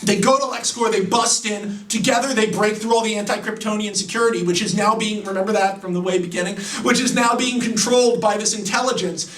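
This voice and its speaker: A man casually pitching a comic-book story, excitable and profane, acting out the characters as he goes. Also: a little fast, few pauses, reverberant, far from the mic.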